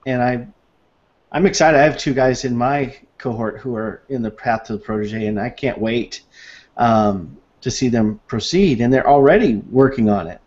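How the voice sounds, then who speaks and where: A man's voice: mid-range voice, darkish tone. A man co-hosting a casual online hangout, chatty and playful, with frequent restarts. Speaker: video hangout co-host. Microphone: video call. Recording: dull lo-fi video call audio.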